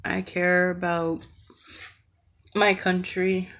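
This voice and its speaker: Slow, flat-voiced American woman ranting. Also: lowish voice. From United States. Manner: earnest, impassioned, with hesitant fillers. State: emotional, near tears. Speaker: vlogger. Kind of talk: emotional political rant.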